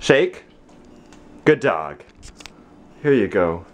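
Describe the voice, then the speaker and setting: A man's voice: fairly low pitch, big pitch swings, very slow, slight background noise. A young man vlogging casually, joking and talking to his dog in a playful baby-talk voice. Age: young adult. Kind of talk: casual vlog chat.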